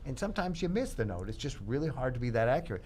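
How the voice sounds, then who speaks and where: A man's voice: medium pitch, big pitch swings, racing, a little mellow, slight background noise. A man, a guest trumpet player, telling stories in a casual radio interview, self-deprecating and laughing often.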